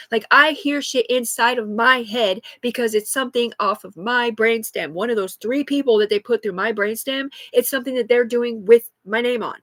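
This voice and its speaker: A high-pitched woman in her thirties rants in a loose, rambling live monologue, swearing constantly. Her voice is close and dry, picked up on a phone. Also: a bit bright, dry recording. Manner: agitated, rambling, heavy swearing. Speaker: livestreamer.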